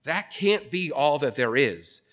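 A man's voice: fairly high pitch, big pitch swings, unhurried, a bit bright. A man giving a casual, conversational sermon, full of fillers and restarts, who now and then acts out the voices he quotes. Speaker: preacher.

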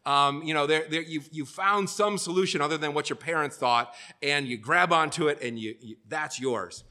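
A man's voice: fairly high pitch, normal speed, pushed and bright. A man giving a casual, conversational sermon, full of fillers and restarts, who now and then acts out the voices he quotes. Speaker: preacher.

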